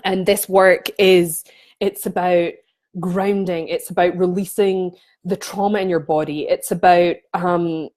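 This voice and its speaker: A woman's voice: lowish voice, steady tone, a little slow, darkish tone. A woman spiritual coach talking casually to camera, passionate and often restarting her sentences.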